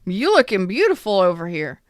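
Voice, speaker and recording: A woman's voice: mid-range voice, wildly swooping pitch, a little fast, noisy background. A woman giving a live tarot reading in a chatty, blunt way, greeting viewers as she goes. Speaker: tarot reader.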